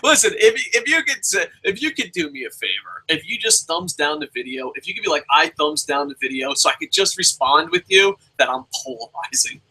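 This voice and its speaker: Animated, bright-voiced young man hosting. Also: a little high, fairly quick, hardly any pauses, slightly rough, poor audio. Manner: animated, swearing, jumping between loud and mumbled asides. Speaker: show host. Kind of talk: casual live review with reading out viewer comments.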